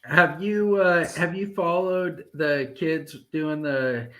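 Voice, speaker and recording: A man hosting a relaxed podcast chat who speaks very slowly, pausing and filling gaps as he goes. His voice is bright and a little raised in pitch, with a ready laugh. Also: low-quality recording. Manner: slow, hesitant, many fillers and laughs. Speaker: podcast host.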